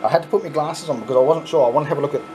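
A middle-aged man with an Australian accent hosting a casual unboxing vlog, excitable and chuckly, swearing freely. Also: a little high, rapid-fire, background noise. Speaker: coin pusher channel host.

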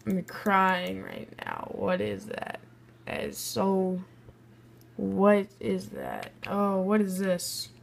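Slow-talking young woman rating game builds. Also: medium pitch, very animated, gravelly, slight background noise. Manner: chatty, blunt rating of builds. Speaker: gaming video creator. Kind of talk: casual game commentary.

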